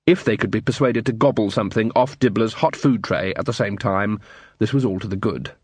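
A man narrating a comic fantasy audiobook in an expressive storytelling voice. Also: lowish voice, brisk, breathy edge, dry recording. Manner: animated storytelling with many character voices.

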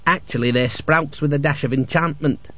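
A man's voice: a little high, normal speed, a bit bright. A man doing a vague, rambling male wizard. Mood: mild, rambling. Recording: dull lo-fi audiobook recording.

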